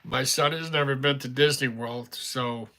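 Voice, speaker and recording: A middle-aged man chats casually on a livestream. His voice has a gravelly edge and a bright, forceful tone. He rambles from one story to the next in a loose, talkative way. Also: medium pitch, steady tone, moderate pace. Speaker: livestream host.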